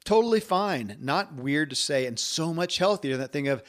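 A man's voice: a little high, lively intonation, normal speed. A man in his forties hosting a podcast, talking in an earnest, conversational way with frequent restarts. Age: 40s. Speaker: podcast host. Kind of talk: podcast monologue and interview.

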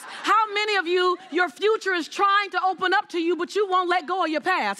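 A woman's voice: very high voice, brisk, few pauses, bright, forceful tone, a little hiss or hum. A woman giving a motivational speech to a live audience from a stage, emphatic, repeating phrases and laughing often. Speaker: motivational speaker. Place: stage before a large audience.

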